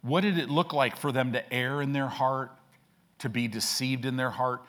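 A man preaching a fervent sermon in a church, building to loud, emphatic peaks. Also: medium pitch, fairly even intonation, moderate pace. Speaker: pastor. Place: church sanctuary.

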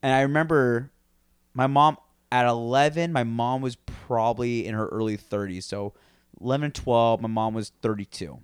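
A man's voice: medium pitch, fairly even intonation, normal speed, smooth, dry recording, studio quality. A man in his thirties co-hosting a podcast, telling casual stories and acting out quotes with some swearing. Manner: storytelling, acts out quotes with swearing. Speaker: podcast co-host.

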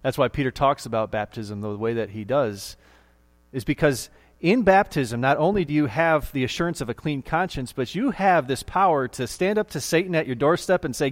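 A man's voice: mid-range voice, animated, normal speed. A male pastor delivers a sermon in an ordinary mid-range voice, pressing his points with repetition and climbing emphasis. He speaks from inside a church. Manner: emphatic, repeats key phrases, rises for emphasis.

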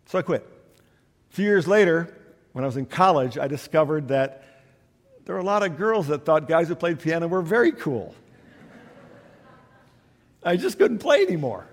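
A pastor giving a sermon in a church, telling stories in a conversational way with soft, quiet asides. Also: male voice, fairly high pitch. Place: church sanctuary. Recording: long hall reverb.

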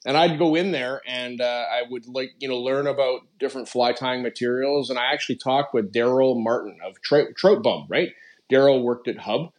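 A man's voice: medium pitch, normal speed. Chatty man, full of fillers. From Canada. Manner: rambling, lots of "you know" and "like" fillers. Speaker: podcast guest. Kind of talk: casual conversational interview.

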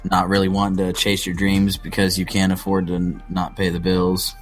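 A man co-hosting a podcast, making relaxed, wry jokes in casual banter. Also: low-pitched, moderate pace, faint music behind. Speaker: podcast co-host.

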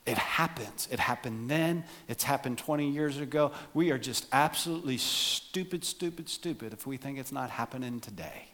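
A man preaching a humorous sermon to his congregation, joking and animated, dropping to quiet asides. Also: medium pitch, moderate pace, hardly any pauses. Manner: jokey, animated, drops to soft asides. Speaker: pastor.

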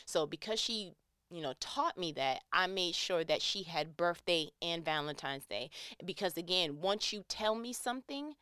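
A woman's voice: lowish voice, normal speed, pushed and bright, no echo, studio quality. A woman telling a personal story in a candid, conversational monologue.

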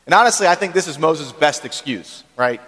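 A male pastor delivers a sermon in a relaxed, conversational way, often turning to the congregation with short asides. His voice sits slightly high for a man. The sound carries a long reverb from a large church hall. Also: fairly quick. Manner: conversational preaching with frequent "right?" asides.

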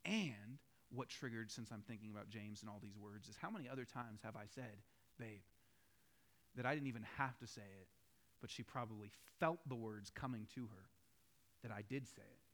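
A man's voice: fairly low pitch, brisk, fairly bright tone. A man in his thirties, a pastor preaching a sermon in a church with a casual, storytelling, conversational manner.

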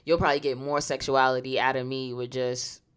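A woman's voice: very deep voice, flat delivery, fairly quick, clear, resonant tone. A woman co-hosting a podcast in casual, frank chat, often saying "you know" and laughing easily. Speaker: podcast co-host.

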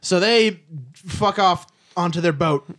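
Brief: young male co-host, high voice, playful and mocking. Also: slow pace, a bit bright. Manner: jokey, breaks into put-on voices. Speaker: podcast co-host. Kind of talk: casual chat.

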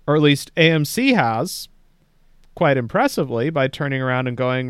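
A man's voice: on the high side, expressive, normal speed, clear, resonant tone, no room sound. A man co-hosting a podcast, chatting casually and sardonically about the news and swearing freely. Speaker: podcast co-host. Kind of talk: casual news commentary chat.

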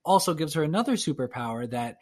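A man as a podcast guest, telling a lively anecdote in casual chat and acting out quoted lines. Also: fairly high pitch, fast. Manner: animated, acts out quoted dialogue with restarts.

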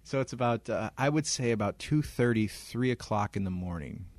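Lively man telling a story, laughing. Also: mid-range voice, normal speed, no echo. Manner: animated, laughs often, mimics moaning. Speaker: podcast co-host. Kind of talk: casual storytelling chat.

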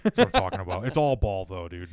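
A man's voice: sits low, wildly swooping pitch, fast talker, clear, resonant tone, dry recording. Podcast co-host, male, foul-mouthed joker, dry recording. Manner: crude, joking storyteller, laughs often. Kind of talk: casual chat.

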